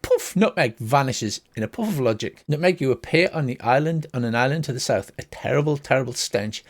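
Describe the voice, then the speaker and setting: A man runs a tabletop game as game master, narrating casually. His voice sits at a middling pitch. He pauses often with fillers as he describes scenes. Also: animated.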